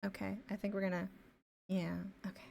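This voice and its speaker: Lady streaming her pixel art, lots of ums, mumbling to herself, voice not high not low. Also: little pitch movement, a little fast, vocal fry. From Canada, Ontario. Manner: thinks aloud with many fillers, often trails off into quiet mumbles. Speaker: live streamer and pixel artist. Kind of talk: casual chat while drawing.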